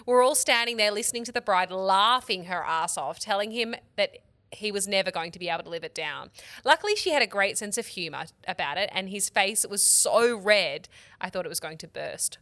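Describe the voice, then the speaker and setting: A woman from Australia co-hosting a wedding podcast, reading stories aloud in a quick, dry way, often laughing as she reads. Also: medium pitch, lively intonation, bright, forceful tone. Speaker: podcast co-host, wedding celebrant.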